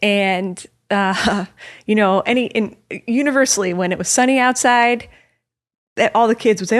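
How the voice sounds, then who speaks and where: A woman guest on a podcast, telling anecdotes in an animated, chatty way during casual conversation. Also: mid-range voice, normal speed.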